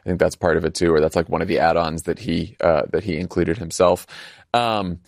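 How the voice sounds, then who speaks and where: Man, podcast host, sarcastic, casual chat, lowish voice, dry sound. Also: fairly even intonation, a little fast, no echo. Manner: sarcastic, with many filler ums.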